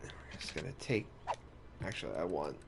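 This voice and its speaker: A man's voice: a bass voice, big pitch swings, normal speed, gravelly, noisy background. Man thinking aloud over a city-builder. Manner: rambling, thinks aloud with restarts. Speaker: gaming YouTuber. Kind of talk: casual let's-play commentary.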